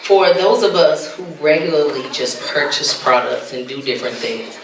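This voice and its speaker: A man's voice: mid-range voice, steady tone, normal speed, fairly bright tone, slight background noise. A man moderating a panel, asking long, joking questions. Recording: very echoey hall, mic far off.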